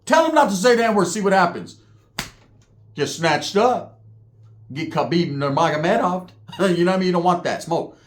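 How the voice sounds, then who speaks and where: A man telling a story in a loose, streetwise way, swearing freely and dropping "right?" after his points. His voice sits somewhat high for a man. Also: lively intonation, moderate pace, long pauses. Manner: streetwise, profane, frequent "right?" asides. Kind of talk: casual spoken storytelling.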